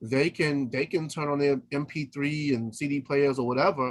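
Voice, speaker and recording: Male singer co-hosting a podcast, slightly high voice, loose chatty storyteller who laughs often. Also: steady tone, normal speed. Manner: chatty, laughs easily, trails off and restarts. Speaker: podcast co-host. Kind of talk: casual chat.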